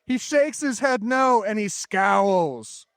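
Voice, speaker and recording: Upbeat man with a high voice, dry close sound, leading a school chapel story for children. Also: lively intonation, takes it slowly, a bit bright, no echo. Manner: playful, upbeat, directing children. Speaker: chapel speaker for elementary students. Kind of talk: interactive Bible story with kids acting it out.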